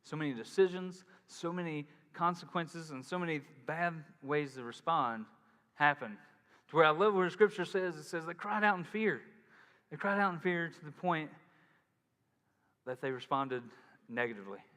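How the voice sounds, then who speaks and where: A man preaching a sermon as pastor, in a casual, animated way, acting out quotes. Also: on the high side, moderate pace. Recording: long hall reverb.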